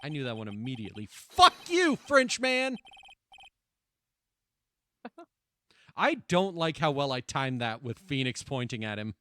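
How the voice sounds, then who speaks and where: With a medium-pitched, lively voice and a slightly fast delivery, this streamer jokes through casual gameplay, reading the dialogue aloud in silly voices. The talk is playful and full of swearing, and the recording has no room sound.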